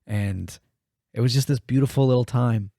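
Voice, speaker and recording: In a clean studio recording with no room sound, a podcast co-host tells a story in casual, profane chat and acts out the quotes. His voice is mid-range and dark in tone, at a normal speed.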